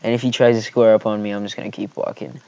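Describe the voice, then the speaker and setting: A man's voice: on the low side, little pitch movement, fast, vocal fry, warm tone, clean tone, dry recording, lo-fi sound. Profane, rambling young vlogger man. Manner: profane, rambling, heated storytelling. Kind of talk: storytime vlog.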